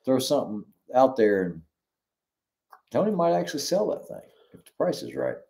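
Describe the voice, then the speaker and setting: This gravelly, medium-pitched male voice moves at a normal speed. He co-hosts a casual chat show, spinning stories with animation and acting out the dialogue of the people in them.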